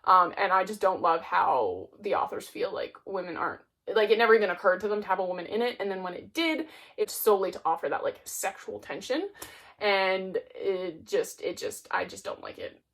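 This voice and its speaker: A young woman reviewing her monthly reads on camera. She talks in a relaxed, rambling way, dropping "like" into nearly every sentence. Her voice sits at an ordinary middle pitch. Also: brisk. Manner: chatty, peppered with "like". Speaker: book reviewer. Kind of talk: casual chat.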